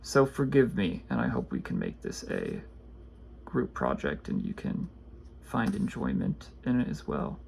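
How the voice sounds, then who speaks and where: Gravelly man muttering through a pack opening. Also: wildly swooping pitch, unhurried, darkish tone, a little hiss or hum. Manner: rambling, reads card names aloud, drops into low muttering. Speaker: card pack opener. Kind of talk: casual pack-opening commentary.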